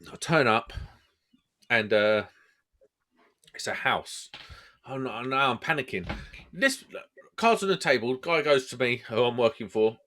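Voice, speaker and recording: A man's voice: medium pitch, lively intonation, moderate pace, pauses often, a bit bright. A man hosting a podcast, telling stories in casual, laddish banter. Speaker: podcast host. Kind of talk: casual storytelling chat.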